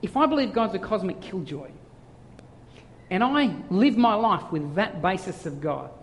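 A male pastor preaching a lively sermon, telling stories and acting out little voices as he goes. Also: sits high, a little slow. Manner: animated storytelling, acts out voices. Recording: long hall reverb.

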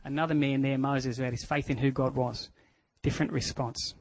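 An Australian man delivers a personal testimony as a sermon, earnest and frank, sometimes stumbling over his words. His voice sits at an ordinary middle pitch. The sound is dry, with no room echo. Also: fairly even intonation, a little fast. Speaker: preacher sharing personal testimony.

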